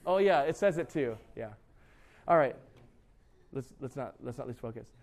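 A man's voice: mid-range voice, expressive, normal speed, a little mellow. A young man preaching a sermon as youth pastor, casual and joking, with lots of fillers and restarts.

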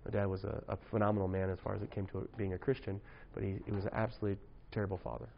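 Gravelly man preaching casually to youth. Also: on the low side, flat delivery, rapid-fire, muffled recording, a little hiss or hum. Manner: conversational, joking, frequent "right?" asides. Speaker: youth pastor. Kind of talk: casual sermon to young people.

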